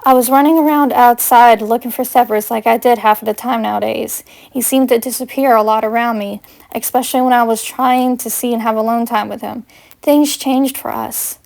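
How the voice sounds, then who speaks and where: A woman's voice: fairly high pitch, steady tone, normal speed, creaky, darkish tone. A woman reading her own first-person fanfiction aloud in an earnest storytelling way. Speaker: fanfiction reader.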